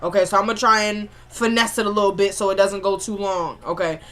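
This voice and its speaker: A woman recapping a TV episode in a casual vlog from her home kitchen, chatty and animated, with exasperated asides. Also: mid-range voice, quick pace. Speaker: TV episode reviewer.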